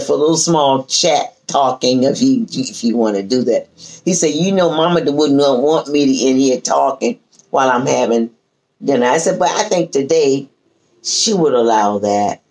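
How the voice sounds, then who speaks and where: The recording is low in quality and her voice rumbles low. An older woman on as a guest, she tells a family tale casually, with lively, long-winded delivery and acted-out quotes from her relatives.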